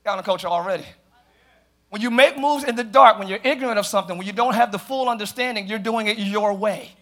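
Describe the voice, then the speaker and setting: A man with a very high, bright, ringing voice, preaching a sermon. He asks the congregation questions and drives his points home, rising into shouts and sung phrases. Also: fast. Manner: call-and-response preaching, builds to shouting. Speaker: pastor. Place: large church.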